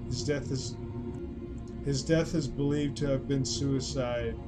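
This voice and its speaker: Slow, mumbling, unimpressed man. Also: medium pitch, fairly even intonation, music in the background. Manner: dry, unimpressed, mutters and sighs while reacting. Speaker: livestreamer. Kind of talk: casual livestream commentary.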